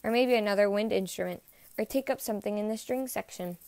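A woman's voice: mid-range voice, fast, darkish tone, no echo, lightly acted. An exasperated orchestra conductor losing patience, as a woman reading aloud puts him on. Stern and clipped, recorded dry and close for a storybook read-aloud. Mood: impatient. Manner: stern, impatient.

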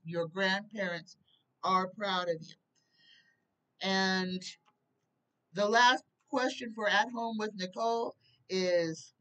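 Slow, earnest woman reading tarot. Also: mid-range voice, a bit bright, recorded from a distance, poor audio. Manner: earnest, pleading, reads card keywords aloud. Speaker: tarot reader.

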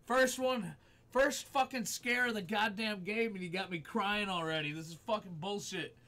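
A man's voice: sits high, normal speed, bright, forceful tone. A man streaming a horror game live, swearing a lot, jumpy and teary from fright, yelping and laughing at each scare. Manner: profane, jumpy, shrieks and laughs when scared. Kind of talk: live gameplay commentary.

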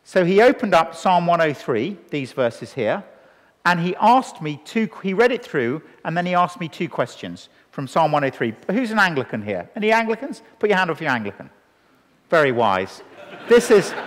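A man's voice: on the high side, normal speed. A man in his fifties preaching a sermon to a live audience, telling stories and acting out the dialogue. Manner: animated storytelling, acting out dialogue. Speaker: evangelist preacher. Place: church hall with a live audience. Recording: long reverb in a hall.

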